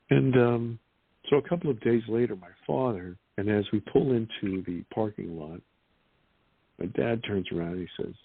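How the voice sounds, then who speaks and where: A man in his fifties earnestly retelling a personal experience as an interview guest, halting and restarting as he goes. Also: fairly low pitch, slightly rough, dry recording. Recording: tinny dry phone-like line.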